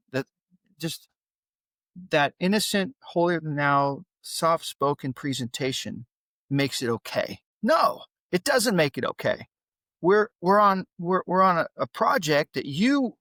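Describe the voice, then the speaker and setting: A man's voice: medium pitch, dry recording. A middle-aged man, a guest in an interview, telling stories about his family and his work and raising his voice when he recalls being angry. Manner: animated storytelling, voice climbs when recalling anger. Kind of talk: interview conversation.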